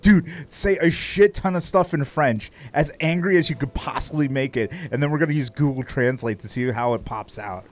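A man's voice: mid-range voice, normal speed, few pauses. A man chatting casually on a live game stream, playful and joking, swearing freely. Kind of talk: casual live-stream chat while gaming.

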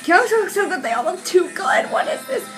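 Excitable high-voiced young woman reacting. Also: brisk, faint music behind. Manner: excitable, shrieks and laughs often. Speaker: reaction video host.

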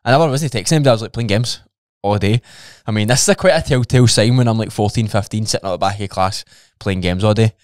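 A man's voice: on the low side, fast, few pauses, dry recording, studio quality. Blunt, sweary Scottish man. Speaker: podcast guest. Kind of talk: casual podcast chat.

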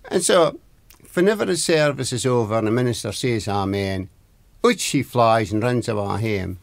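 A man's voice: mid-range voice, animated, normal speed, vocal fry, dry recording. A man with an Aberdeen Scottish accent telling a traditional folk tale, lilting and repeating words for emphasis. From Scotland. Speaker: storyteller.

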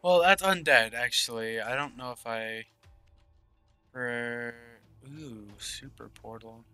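A man's voice: medium pitch, takes it slowly, bright, forceful tone, smooth, faint music behind. A man giving casual gameplay commentary, thinking aloud and murmuring game text as he plays. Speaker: gaming channel host.

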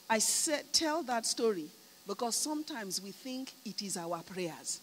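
With a fairly high, expressive voice and a slightly slow pace, a Nigerian woman preacher tells a story in her sermon. She is emphatic, fills her speech with "you know," and asks if her listeners are listening, all captured with long hall reverb and a faint hum.

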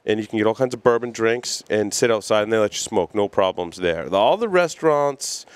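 A man's voice: on the low side, expressive, fairly quick, clear, resonant tone, dry recording. A man hosting a podcast, chatting in a laid-back way with plenty of "like". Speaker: podcast host. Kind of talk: casual chat.

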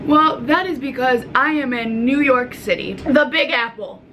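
A woman's voice: sits high, measured pace, fairly bright tone, a little hiss or hum. A young woman vlogging casually from a hotel room, bubbly and goofy, talking to herself into a handheld camera.

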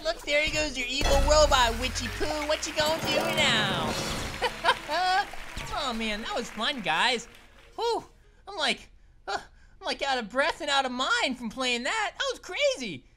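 A woman's voice: high-pitched, big pitch swings, measured pace. A woman voicing a hyper, goofy talking grape who hosts a let's play, squealing, giggling and rambling with many restarts. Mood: excited. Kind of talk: excited let's play commentary. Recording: loud game music behind voice. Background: loud video game music.

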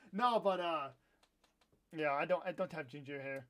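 A young American man in his twenties live-streaming a game, chatting casually with viewers in a rambling, self-correcting way with excitable bursts. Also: fairly high pitch, a little slow. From United States. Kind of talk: casual live-stream chat while gaming.

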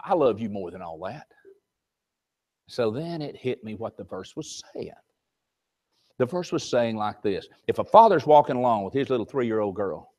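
Animated older preacher. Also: male voice, mid-range voice. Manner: animated storytelling, acts out voices in anecdotes. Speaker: preacher teaching a Sunday class. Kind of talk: folksy Bible class sermon.

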